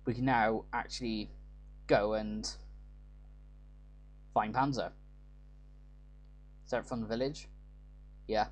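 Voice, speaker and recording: A man's voice: fairly low pitch, steady tone, slow, pauses often. Let's play host, man, loose rambling commentary, fixes his words as he goes. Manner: rambling, self-correcting. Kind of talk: casual gameplay commentary.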